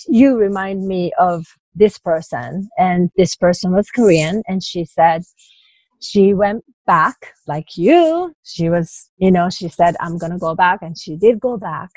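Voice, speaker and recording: A woman telling her personal story as a guest in an interview, in halting bursts with many restarts, asides and small laughs. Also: on the low side, a little mellow, no echo, poor audio. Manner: halting retelling with frequent restarts, "you know" and light laughs.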